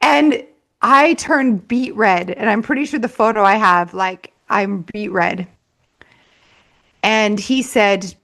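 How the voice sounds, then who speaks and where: A woman's voice: medium pitch, takes it slowly, gravelly, bright, forceful tone. A woman who works as a money mindset coach, a guest in an interview, telling a story in a chatty way with frequent laughs and fillers.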